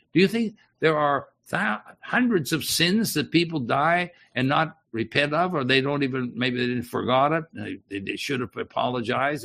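Gravelly man teaching from the Bible. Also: a little high, a bit bright. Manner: rambling, with many fillers and restarts; asks the listeners questions.

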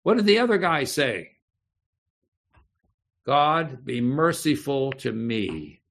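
Slow-speaking man preaching a sermon. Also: mid-range voice, very animated, creaky, a bit bright. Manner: slow, deliberate teaching with frequent "okay?" check-ins. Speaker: pastor.

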